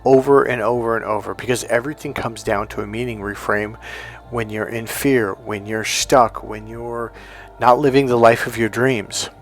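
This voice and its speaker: A man talks as a relationship coach in a motivational monologue. His delivery is animated, and he acts out bits of dialogue as he tells stories. His voice sits in a mid range, with faint music in the background. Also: mid-range voice, normal speed. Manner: animated storytelling, acting out dialogue.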